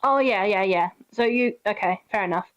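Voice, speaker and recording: A woman's voice: medium pitch, moderate pace, highs cut off. A British woman streaming a game, chatting casually with her viewers and greeting them by name. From Britain. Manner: chatty, giggly, talks to chat by name.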